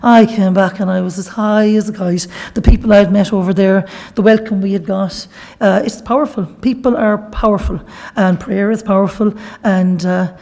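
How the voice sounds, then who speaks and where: A middle-aged Irish woman from Galway speaks with a gravelly, mellow voice. She tells her own story to a gathering in an earnest, chatty way. She often breaks off to give thanks to God. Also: medium pitch. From Ireland. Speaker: guest speaker at a workshop. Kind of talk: personal testimony talk.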